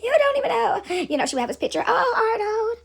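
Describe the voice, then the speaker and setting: A woman voicing an obsessive lovesick cartoon schoolgirl, swooning in a high sobbing voice. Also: big pitch swings, fairly quick, creaky, heavily acted.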